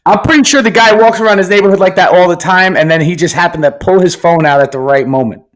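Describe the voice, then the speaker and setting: A man's voice: sits high, fast. A man with a New York accent co-hosting a comedy podcast, joking bluntly in casual chat. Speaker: podcast co-host.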